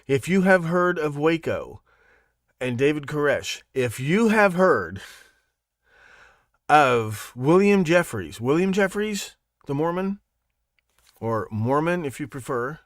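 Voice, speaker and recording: A man hosting a live podcast, talking in a rambling, animated monologue full of restarts and asides. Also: a little high, slow pace, long pauses, no echo, studio quality. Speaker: podcast host. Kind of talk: casual monologue on a live show.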